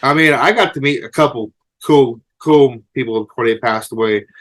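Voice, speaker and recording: Excited band guest with a bright voice. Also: male voice, medium pitch, moderate pace. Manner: excited storyteller, laughing, imitates shouts in anecdotes. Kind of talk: casual interview chat.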